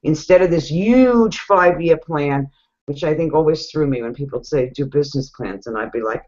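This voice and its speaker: A woman with a New York accent giving casual coaching advice, chatty and animated, laughing often. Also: sits low, normal speed. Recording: dull lo-fi sound.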